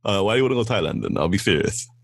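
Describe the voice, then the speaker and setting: A young man, chatting casually with a friend, animated and teasing, laughing often. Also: low voice, rapid-fire, vocal fry, slightly rough. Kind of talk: casual chat.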